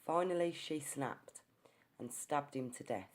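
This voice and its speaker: Very low-voiced woman telling a ghost story. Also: expressive, a little slow, darkish tone. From England. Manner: earnest storytelling with restarts. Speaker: ghost hunter. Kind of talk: narrated ghost-hunt account.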